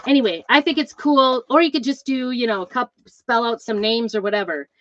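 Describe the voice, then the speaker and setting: In a casual show-and-tell vlog, a woman chats and rambles about her new craft designs, dropping plenty of ums and asides. She calls herself a trumpet player and is fussy about instrument details. Her fairly high, fairly bright voice moves a little fast over a dull, slightly lo-fi, dry recording.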